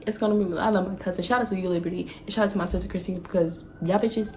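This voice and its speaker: A woman's voice: medium pitch, fairly even intonation, fast talker, vocal fry, a little mellow, a little hiss or hum. A young woman telling a candid, profane storytime on her vlog, laughing often and acting out what she said back then. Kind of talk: casual storytime.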